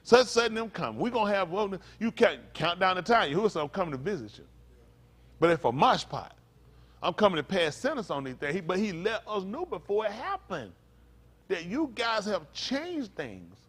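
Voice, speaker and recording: A man's voice: sits high, very animated, a bit bright, slightly rough. A male pastor preaching a loose, conversational sermon, asking the congregation questions and spelling out words. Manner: stops to spell out Hebrew words slowly.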